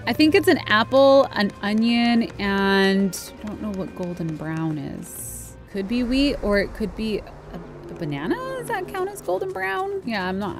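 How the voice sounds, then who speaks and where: A woman in her thirties giving casual, chatty gameplay commentary, giggling and exclaiming at what she finds. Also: mid-range voice. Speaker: game streamer. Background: faint game music.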